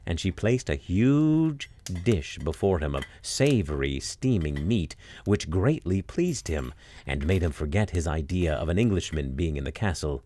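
A man narrating a fairy tale in an expressive, storytelling way. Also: deep voice, measured pace, a little hiss or hum. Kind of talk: dramatic fairy tale reading.

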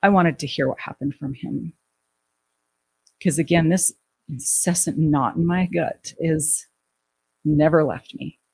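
A middle-aged woman telling an emotional personal story in an interview, halting and restarting her sentences. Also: sits low, gravelly, a little mellow, breathy edge, low-quality recording. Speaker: guest recounting a family death.

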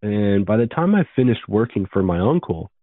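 Deep-voiced man telling his story. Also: very animated, no echo. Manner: earnest, brisk storytelling with quoted voices. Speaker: podcast guest. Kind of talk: storytelling interview. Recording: dry phone-like audio.

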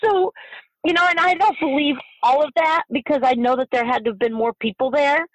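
A middle-aged bereaved mother, a guest in an emotional interview, speaking passionately and haltingly, repeating herself, at times near tears. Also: sits high, dry recording, low-quality recording.

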